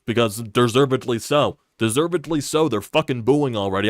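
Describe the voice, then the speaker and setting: A man's voice: mid-range voice, brisk, hardly any pauses, no room sound, clean studio sound. A young man ranting on a live sports stream, frustrated and profane, repeating himself as he talks.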